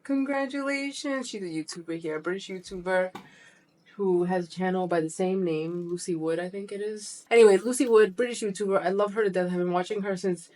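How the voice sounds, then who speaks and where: A woman's voice: mid-range voice, brisk, warm tone. Chatty effusive woman in her forties. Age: 40s. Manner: chatty and effusive, swears casually. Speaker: vlogger. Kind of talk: casual vlog talk to camera.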